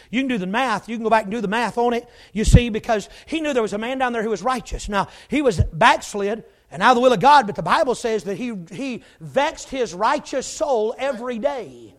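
Preaching a sermon, this man has an unusually high voice and a folksy, emphatic manner. He slips in joking asides and often swells to a shout.

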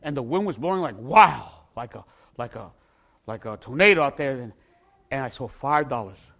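A man telling a dramatic personal story, acting out the people in it and bursting into shouts at the tense moments. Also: medium pitch, lively intonation, moderate pace, gravelly. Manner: acts out the people in his story. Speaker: storyteller giving a personal testimony.

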